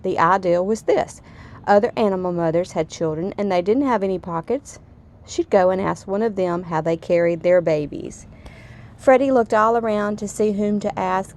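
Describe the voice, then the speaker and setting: A woman reading a children's story aloud in a gentle, expressive storytelling manner. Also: on the low side, a little hiss or hum.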